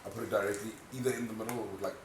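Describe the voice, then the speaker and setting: A man's voice: on the low side, very fast. A man co-hosting a casual podcast, telling stories with acted-out quotes and some swearing. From South Africa. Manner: animated storyteller, acts out quotes, swears. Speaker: podcast co-host. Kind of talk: casual chat. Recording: echoey room, mic at a distance, noisy.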